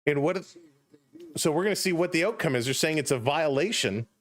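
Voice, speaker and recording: A man with a Canadian accent calling a baseball game live as a stream host, chatting with viewers between pitches. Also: expressive, fairly quick, a bit bright. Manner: chatty, reads viewer chat and laughs often. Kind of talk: casual play-by-play commentary.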